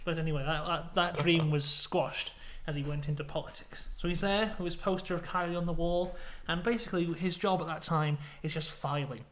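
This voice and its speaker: British podcast co-host, dry storyteller, spins silly tall tales. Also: male voice, on the high side, brisk, few pauses, slight background noise. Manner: playful, deadpan tall tales. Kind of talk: comic storytelling.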